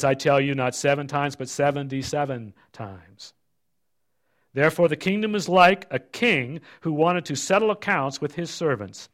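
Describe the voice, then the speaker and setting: Middle-aged man preaching, dropping to soft asides. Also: mid-range voice. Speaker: pastor. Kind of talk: sermon with scripture reading.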